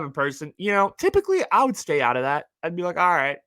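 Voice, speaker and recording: Young man telling college stories, bright voice. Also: fairly high pitch, fast talker, no room sound. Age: young adult. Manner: animated storytelling, heavy use of "like". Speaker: podcast host. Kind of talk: casual monologue.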